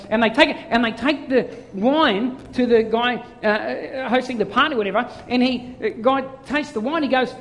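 A male pastor preaching a lively sermon, telling stories and acting out little voices as he goes. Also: very high-pitched, moderate pace, hardly any pauses. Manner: animated storytelling, acts out voices. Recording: long hall reverb.

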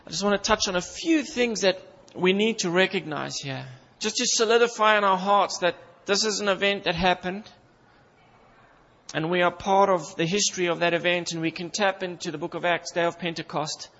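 High-voiced fervent preacher in a reverberant hall. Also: male voice, moderate pace, fairly bright tone. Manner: fervent, emphatic, repeats phrases for emphasis. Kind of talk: sermon. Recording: dull sound with long reverb in a hall.

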